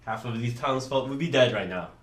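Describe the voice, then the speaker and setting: A man playing a tabletop game, asking questions in character in a measured, inquisitive way. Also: mid-range voice, roomy sound, a little hiss or hum. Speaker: player.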